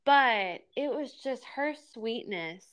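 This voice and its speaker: A woman's voice: fairly high pitch, takes it slowly, smooth, muffled recording. A woman in her thirties, a podcast co-host telling family stories in casual chat, laughing often. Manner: animated storyteller, laughs often.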